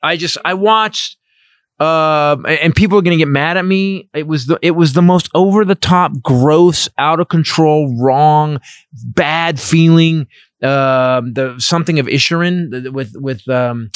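Male podcast host, upbeat rambler, slightly high voice, dry close recording. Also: measured pace, no echo. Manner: animated, rambling, voices quoted people. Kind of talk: casual comedic chat.

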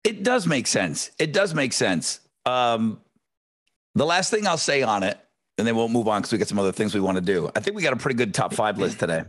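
Animated casual man talking. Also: medium pitch, a little fast. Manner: animated storyteller, mimics yelling relatives; swears casually. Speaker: co-host. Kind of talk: casual podcast chat.

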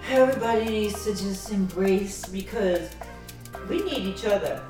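A woman co-hosting a casual podcast chat, telling animated stories, laughing often and swearing freely. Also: mid-range voice, moderate pace. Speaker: podcast co-host. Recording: echoey distant mic with background music.

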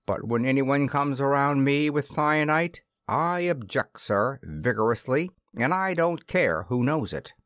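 A man voicing a big, blunt male ex-miner in an audiobook, speaking curtly and forcefully. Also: mid-range voice, expressive, measured pace, hardly any pauses, no room sound, studio quality. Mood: indignant. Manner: forceful, curt.

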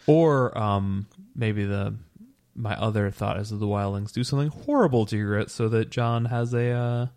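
Man, casual podcast co-host, gravelly fry, jokey, quick interjections. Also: on the low side, darkish tone. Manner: joking, quick interjections, tries silly accents. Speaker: podcast co-host discussing a book. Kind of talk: casual chat.

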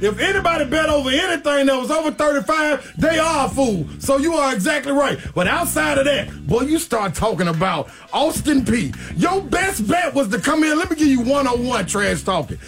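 Male sports host, loud playful trash talk, very animated. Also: very high-pitched, normal speed, gravelly, hardly any pauses, soft background music. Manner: loud, preachy, playful, sing-song rants. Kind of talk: sports radio banter. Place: radio studio.

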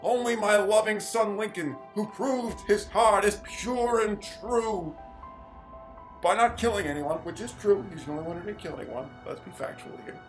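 A man's voice: sits high, normal speed, lightly acted, poor audio. A man doing a crude scheming old father. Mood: gloating. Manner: vulgar, ranting, gleefully villainous. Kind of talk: comedic audio drama. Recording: music behind.

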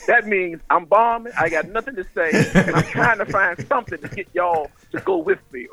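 A man from Baltimore, a comedian and pastor, telling stories in a casual interview with quick, animated delivery. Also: high-pitched, vocal fry, soft background music, rough recording. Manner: animated, quick storytelling with impressions.

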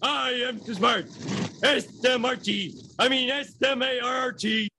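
A man putting on the voice of a dim-witted man who boasts about being smart, speaking slowly in a high, gravelly voice. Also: fairly even intonation, background noise. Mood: smug. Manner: slow, high, gravelly delivery.

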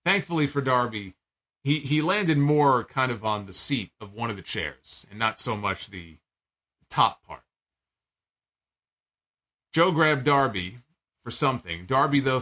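A wrestling show reviewer with a bright, forceful voice in an ordinary middle pitch gives a loose, unscripted spoken recap of a match. Animated, incredulous, and freely profane, he stumbles over restarts and fillers as he tells the story.

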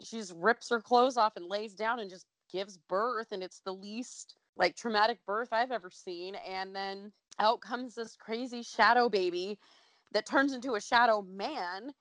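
A woman's voice: medium pitch, a little slow, dry recording. A woman co-hosting a casual podcast chat, ranting with lots of swearing. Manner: animated, profane ranting. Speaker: podcast co-host.

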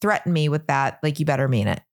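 A woman's voice: low voice, lively intonation, fast talker. A woman co-hosting a podcast in casual chat, recapping a reality show episode. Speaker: podcast co-host. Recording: video call.

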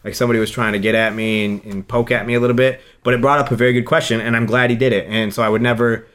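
Rapid-fire and fairly bright, this man's medium-pitched voice shows little pitch movement. He is in his thirties, a radio host co-hosting a podcast, and his casual talk rambles emotionally with lots of restarts.

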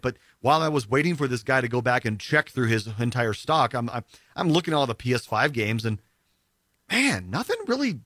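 A man chatting casually on a podcast, telling stories with lively acted-out quotes. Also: medium pitch, a little fast, no room sound, studio quality. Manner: animated storyteller, acts out quoted voices. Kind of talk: casual chat.

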